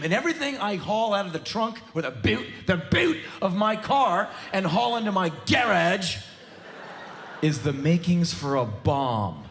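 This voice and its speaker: A man in his forties from the United States, performing a live spoken word comedy rant on a theater stage with intense, shouting bursts. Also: sits high, gravelly. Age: 40s.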